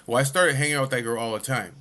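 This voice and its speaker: A man's voice: mid-range voice, very fast, bright, forceful tone. A man telling a personal story in a casual, profane way, full of swearing and filler asides.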